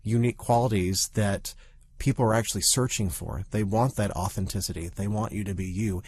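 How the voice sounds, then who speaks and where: A man who grew up in the Southern United States, talking as a podcast co-host in a casual chat, animated and full of restarts. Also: fairly low pitch, fairly quick, slightly rough, dry recording.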